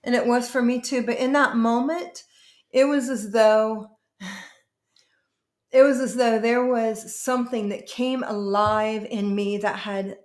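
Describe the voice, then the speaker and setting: A woman pastor telling her personal testimony in an interview, earnest and emotional, often halting and restarting. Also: fairly high pitch, fairly even intonation, a little mellow, reverberant.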